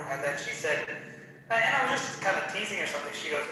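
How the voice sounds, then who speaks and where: A man's voice: on the high side, fast. A man, a business owner, telling a story in a casual political chat and acting out both sides of the conversation. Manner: animated storyteller, acts out both sides of a dialogue. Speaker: business owner and podcast panelist. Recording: roomy, echoey, far from the mic, faint hiss.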